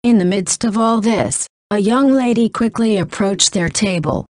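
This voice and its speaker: A woman narrating a novel in a flat reading that says punctuation aloud. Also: medium pitch, normal speed, no echo, studio quality.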